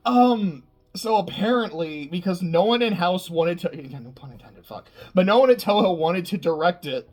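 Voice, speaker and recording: Casual male film reviewer, higher-pitched voice, loose and excitable delivery with frequent laughter. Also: normal speed. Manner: rambling, excitable, laughs often, swears. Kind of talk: casual unscripted movie talk.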